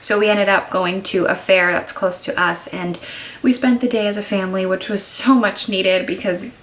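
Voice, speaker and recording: A woman's voice: mid-range voice, steady tone, normal speed, rough recording. A young pregnant woman telling her story in a candid, chatty video diary. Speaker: vlogger.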